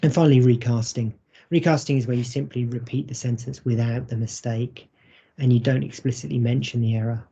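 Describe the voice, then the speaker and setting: A man giving a recorded teaching workshop, talking in a measured, explanatory way. His voice is dark and a little husky, with some gravel at the ends of phrases. The audio is dull and lo-fi. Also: mid-range voice, fairly even intonation. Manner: measured, explanatory, many ums. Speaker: university English teacher. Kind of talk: recorded conference workshop presentation.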